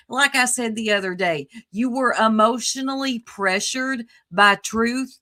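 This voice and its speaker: A woman's voice: a little high, animated, unhurried, bright, forceful tone. A woman co-hosting a livestream, commenting in a blunt, sassy way and swearing freely. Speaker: stream co-host.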